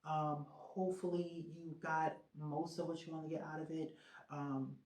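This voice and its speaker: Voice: mid-range voice, level tone, normal speed, darkish tone. A podcast host chatting casually on their own, rambling with lots of "um" and "like" fillers. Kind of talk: casual solo podcast chat. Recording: roomy echo.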